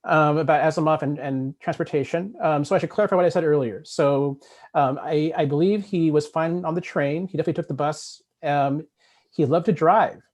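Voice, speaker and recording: Higher-pitched, hesitant male panelist. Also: fairly quick, a little mellow. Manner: hesitant, many restarts and fillers. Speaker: author and panelist. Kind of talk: convention panel discussion. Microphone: video call.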